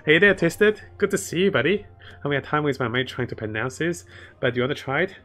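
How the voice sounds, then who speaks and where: A man's voice: on the high side, expressive, a little fast, a bit bright. Upbeat male streamer talking through his game over light background music, greets chat, laughs easily. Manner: chatty, laughs often, greets chat viewers. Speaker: streamer playing a strategy game. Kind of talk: live game commentary.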